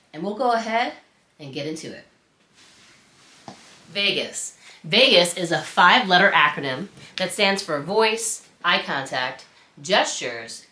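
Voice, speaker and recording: A woman instructor giving an upbeat lesson straight to the viewer, with a lively, chatty manner. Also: fairly low pitch, reverberant. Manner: upbeat, animated, addresses viewer directly. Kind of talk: instructional presentation.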